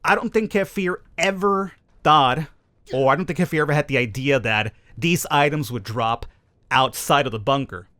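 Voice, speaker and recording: A man's voice: a little high, moderate pace, sharp tone. Chatty man narrating a mobile game. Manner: chatty, rambling, self-amused. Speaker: gaming YouTuber. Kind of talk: casual gameplay commentary.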